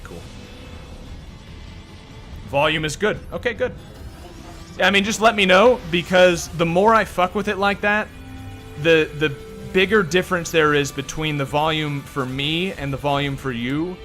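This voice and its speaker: A man's voice: a little high, moderate pace, a bit bright, soft background music. Joking, profane male gameplay streamer. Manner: rambling, joking, profane, self-deprecating, laughs often. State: sore, strained throat. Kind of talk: casual live gameplay commentary.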